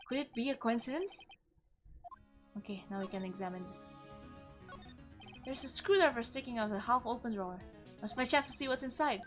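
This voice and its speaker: A woman streamer reading game dialogue aloud, expressive and animated, with casual asides. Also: sits high.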